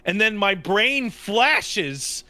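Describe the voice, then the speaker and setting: A young adult man co-hosting a podcast in casual chat, an animated storyteller who acts out his quotes. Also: sits high, extremely slow. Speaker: podcast co-host. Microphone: studio podcast mic.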